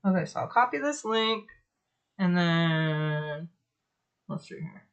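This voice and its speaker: A young woman livestreams with a fairly low, expressive, smooth voice, taking her time, and the audio is lo-fi. She chats casually and swears while fixing her setup, talking to herself as she fiddles with the tech. Along the way she hums and sings little ditties under her breath.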